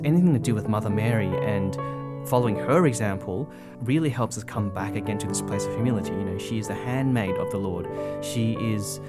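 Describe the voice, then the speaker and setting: A man giving a conversational religious talk, earnest and full of asides like "you know" and "right?", often restarting his sentences. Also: on the low side. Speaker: Catholic speaker.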